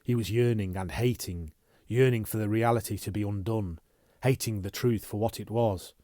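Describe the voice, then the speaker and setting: Man narrating an audiobook, low voice, steady and measured, dry close sound. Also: no room sound. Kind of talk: scripted narration.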